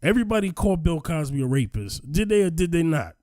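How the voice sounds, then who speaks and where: A man hosting a casual podcast discussion, animated and emphatic, often repeating himself for effect. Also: a little high, fast, dry recording, clean studio sound. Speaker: podcast host.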